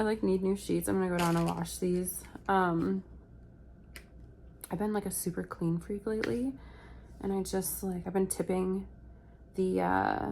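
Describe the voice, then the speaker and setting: A woman's voice: lowish voice, gravelly, a little mellow, slight background noise. A young woman, sick with a virus, telling stories in a casual vlog from bed, chatty and swearing, quoting people as she goes. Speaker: vlogger. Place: hotel room, in bed.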